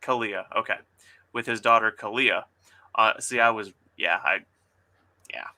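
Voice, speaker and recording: A man hosting a casual book critique show, reading passages aloud and joking with playful dramatic pauses. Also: on the low side, bright, forceful tone.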